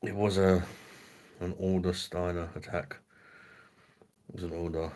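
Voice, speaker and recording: A man's voice: sits low, flat delivery, measured pace, a little mellow. A man hosting a casual livestream chat, rambling and swearing freely with the odd chuckle. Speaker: host.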